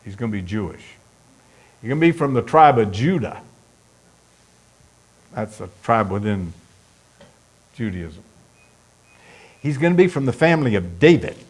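A man's voice: mid-range voice, very animated, unhurried, pauses often, slightly rough. A man preaching a sermon, emphatic and repetitive, speeding up as he lists points. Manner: emphatic, repeats points for stress, speeds up when listing. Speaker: pastor.

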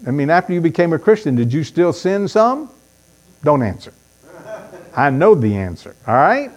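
A man's voice: on the high side, very animated, moderate pace. A man preaching a sermon, reading Bible verses aloud with dramatic emphasis and talking to the congregation in conversational asides.

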